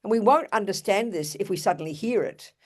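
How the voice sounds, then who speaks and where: Talking fairly quickly in a medium-pitched, somewhat mellow voice, an older woman gives an emphatic, earnest Buddhist dharma talk. As a teacher, she peppers it with rhetorical asides to those listening.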